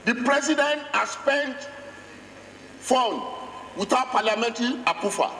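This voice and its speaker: Very high-voiced Nigerian lawmaker, echoey hall. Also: male voice, animated, unhurried, sharp tone. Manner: urgent, repeating rhetorical questions. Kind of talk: parliamentary speech. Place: legislative chamber. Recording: echoey chamber from a distance.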